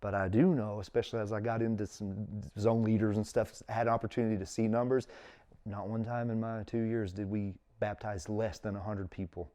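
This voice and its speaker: A man's voice: fairly low pitch, flat delivery, fairly quick, warm tone. A middle-aged man, telling his story in casual conversation as an interview guest and acting out quotes with big jumps in his voice.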